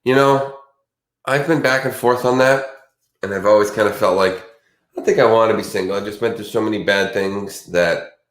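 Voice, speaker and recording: A man with a deep, low voice talks in a loose, rambling way, often restarting his sentences as he reflects out loud. His voice rings in a roomy, echoey space. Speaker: podcast co-host. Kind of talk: casual chat.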